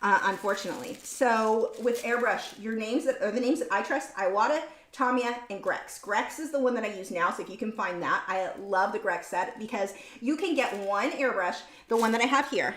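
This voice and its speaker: A woman's voice: medium pitch, fairly quick, a bit bright. A woman hosting a casual painting livestream, chatting in a rambling way and correcting herself mid-sentence. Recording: roomy room sound.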